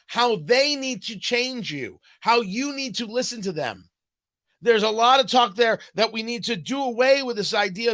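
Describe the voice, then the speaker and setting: Animated, sarcastic male talk host. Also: sits high. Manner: sarcastic, animated, mocking asides. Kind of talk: political commentary monologue.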